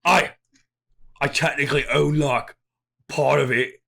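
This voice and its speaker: A man's voice: on the high side, steady tone, measured pace, creaky, bright, forceful tone. A man playing in a tabletop game, talking in character in a boisterous, playful way. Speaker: player.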